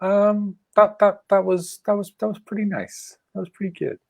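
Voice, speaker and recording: This podcast co-host has a high-pitched voice with vocal fry and talks at normal speed, with no echo. He's an animated storyteller in a casual chat, acting out many of the quotes.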